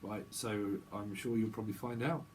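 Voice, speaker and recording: A man's voice: fairly low pitch, steady tone, moderate pace, darkish tone, slight background noise, poor audio. A man doing a casual tarot reading vlog, rambling and slangy and often laughing. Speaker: tarot reader.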